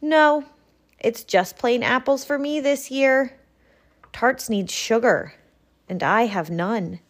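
A woman's voice: a little high, slow pace, pitched above the performer's own voice. Woman doing a graceful, sweet doe. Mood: grateful. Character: graceful female deer.

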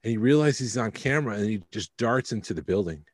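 A man's voice: fairly low pitch, animated, fast, breathy edge, no echo, clean studio sound. A man co-hosting a podcast, chatty and joking while reading prices aloud. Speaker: podcast co-host. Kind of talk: casual chat.

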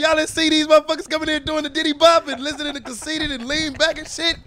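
High-voiced man telling a profane story. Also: steady tone, fast, hardly any pauses, a bit bright. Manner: keeps asking "you know what I'm saying"; profane, slangy street talk. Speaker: podcast guest telling a story; battle rapper. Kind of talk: animated casual storytelling.

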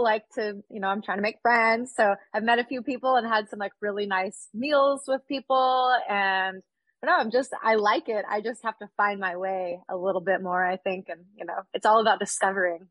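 A woman's voice: mid-range voice, steady tone, normal speed, fairly bright tone, dry recording, rough recording. A woman in her thirties from California, chatting upbeat and casually as a podcast guest, with lots of fillers. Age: 30s.

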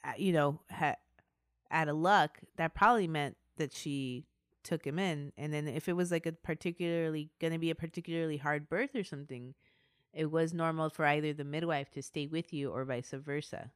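A woman's voice: deep voice, steady tone, moderate pace, smooth, no echo, studio quality. A woman hosting a podcast, narrating a true-crime story in a chatty way with asides. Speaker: podcast host.

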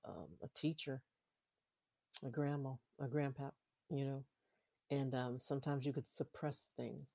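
Podcast host, casual faith talk, rambling and preachy, recorded on a laptop, warm low-key tone. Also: gravelly, no room sound. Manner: rambling, repetitive, preachy with frequent amens. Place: sitting on a bed at home at night.

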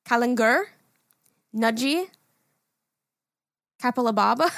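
A woman co-hosting a casual podcast, playful and quick to laugh. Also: fairly high pitch, lively intonation, a bit bright, no echo, studio quality. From United States. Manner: giggly, playful. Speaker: podcast co-host. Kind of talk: casual chat.

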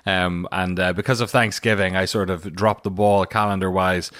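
A man's voice: deep voice, steady tone, normal speed, fairly bright tone, no echo, studio quality. An Irish man co-hosting a podcast in casual, rambling chat with many fillers and self-deprecating asides. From Ireland. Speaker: podcast co-host.

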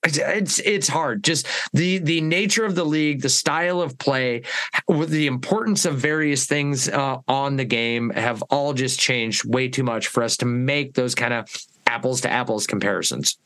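Mid-pitched man explaining on a sports podcast. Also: moderate pace, a bit bright. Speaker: podcast co-host. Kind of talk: casual sports podcast chat.

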